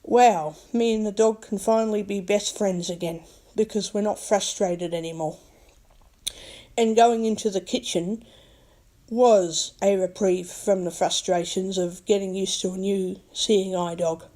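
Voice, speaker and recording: A woman talking straight to camera in a loose, rambling vlog. Her voice is mellow and warm. She swears freely, circles back to the same points and speaks bluntly. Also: mid-range voice, steady tone, measured pace. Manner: blunt, heavy swearing, repeats herself. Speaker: vlogger. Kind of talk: casual rambling monologue.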